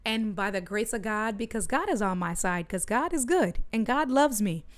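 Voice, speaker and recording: A woman's voice: medium pitch, moderate pace. Chatty woman streamer telling a story. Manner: animated storytelling, talks to chat. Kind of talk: casual livestream chat. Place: home studio.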